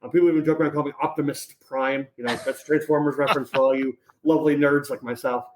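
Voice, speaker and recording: Upbeat fast-talking man, echoey room. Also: mid-range voice, slight background noise. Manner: energetic, upbeat storyteller with many fillers. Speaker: podcast guest, college advisor. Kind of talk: casual interview chat. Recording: roomy echoey sound.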